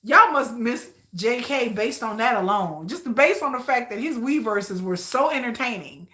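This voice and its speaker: A woman chatting casually with her live audience about K-pop videos, animated and talkative. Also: a little high, moderate pace. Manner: chatty, animated, addresses viewers as y'all. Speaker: K-pop reaction vlogger. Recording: echoey room.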